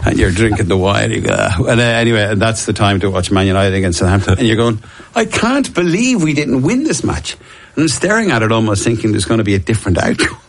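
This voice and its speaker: A man's voice: on the low side, very fast, few pauses. A middle-aged Irish man telling long rambling stories in casual chat, with lots of restarts and chuckles. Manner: rambling storyteller, many restarts and laughs.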